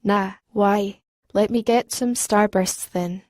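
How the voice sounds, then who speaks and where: A woman's voice: mid-range voice, fairly even intonation, slow, darkish tone, no echo, lightly acted. A woman voicing a laid-back young male gang member in an audiobook, with drawling, slangy street talk. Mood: casual.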